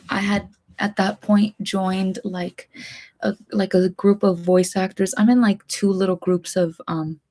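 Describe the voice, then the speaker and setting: A young woman talks casually on a soft-spoken stream, her voice breathy with a slight husk. She sits at a middling pitch and rambles from thought to thought, often dropping into a whisper. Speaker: streamer and hobby voice actor.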